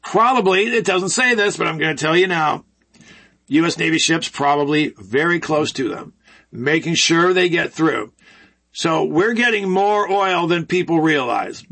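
A man's voice: on the high side, animated, a little slow, bright, forceful tone. A man hosting casual political commentary, folksy and rambling with sarcastic asides.

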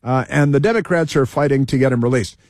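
A man's voice: medium pitch, quick pace, a little mellow, dry recording, clean studio sound. A man hosting a talk radio show, giving sarcastic, combative commentary over news clips and repeating phrases for emphasis.

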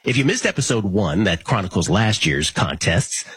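A man's voice: on the low side, big pitch swings, moderate pace, fairly bright tone, breathy edge. A man hosting a sports betting talk show, talking in a casual, rambling way with restarts.

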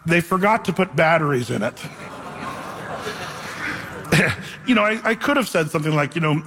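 A middle-aged male pastor preaching a sermon, a lively, joking storyteller. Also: high-pitched, a little fast. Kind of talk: sermon with a humorous personal story. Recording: long reverb of a large hall.

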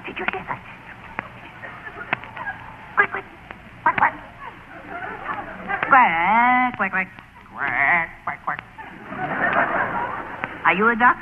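A cheeky, high-voiced boy dummy, voiced by a man, trading insults in a 1930s radio comedy. His pitch leaps all over the place. The broadcast is tinny and buried in loud hiss. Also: very animated, full character voice. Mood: silly. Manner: sassy, quick with insults.

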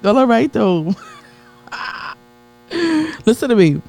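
A man preaching a motivational sermon to a live audience, building with repetition and call-and-response, swinging from soft low asides to high excited peaks. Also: slow, creaky, low-quality recording. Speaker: motivational speaker.

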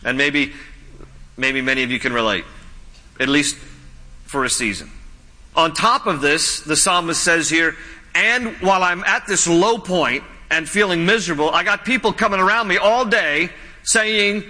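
A pastor preaching a sermon, earnest and conversational, slowing down to stress key words. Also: male voice, high voice, expressive, bright, forceful tone. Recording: long hall reverb.

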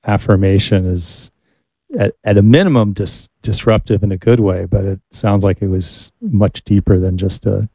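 A man hosting an interview, asking measured questions while searching for words. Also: lowish voice, steady tone, dark tone, no room sound. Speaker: interviewer host.

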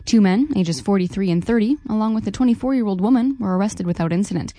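A woman reading the local news on a radio morning show in a brisk, even newsreader delivery. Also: medium pitch, dry recording. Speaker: news anchor.

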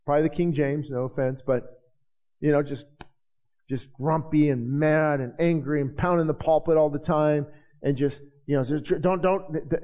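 Brief: male pastor with a high voice and a fervent preaching delivery, recorded in a reverberant church with a dull, lo-fi sound. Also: steady tone, moderate pace. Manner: fervent preaching with repeated phrases. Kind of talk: sermon. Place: church sanctuary.

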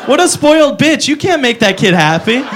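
A man doing a stand-up comedy set on a club stage, profane and incredulous, with quick asides to the audience. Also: very high voice, very animated. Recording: live club recording with audience noise. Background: audience laughter.

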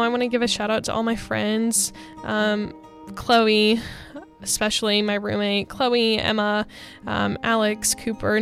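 Earnest young woman DJ with vocal fry. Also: mid-range voice. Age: young adult. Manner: rambling, filler-heavy, earnest. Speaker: college radio DJ. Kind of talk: casual on-air thank-yous. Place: college radio studio.

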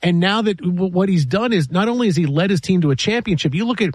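A man co-hosting a casual sports talk show, animated and emphatic, arguing his point with quick asides. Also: high-pitched, husky, no room sound.

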